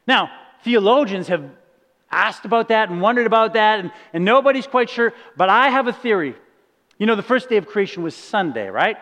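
Male pastor, high voice, emphatic sermon with rhetorical questions, long hall reverb. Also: lively intonation, moderate pace, fairly bright tone.

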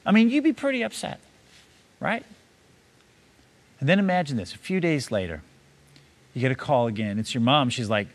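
A man's voice: fairly high pitch, very animated, moderate pace, long pauses, a bit bright. A man preaching, building a long parable scene by scene and urging the listener to imagine it. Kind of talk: sermon told as a long parable.

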